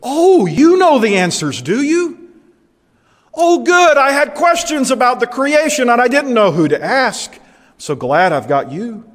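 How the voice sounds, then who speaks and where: A preacher voicing a booming, sarcastic God. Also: male voice, lively intonation, moderate pace, close to an everyday voice. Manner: booming rhetorical questions, mocking sarcasm. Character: sarcastic, towering male God, commanding. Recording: long hall reverb.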